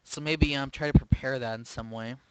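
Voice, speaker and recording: A man's voice: mid-range voice, steady tone, a little fast, darkish tone, clear, resonant tone, no echo, muffled recording. A man commentating his own online chess game live, thinking aloud with hesitant, self-questioning remarks. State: sleepy, yawning. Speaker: chess streamer.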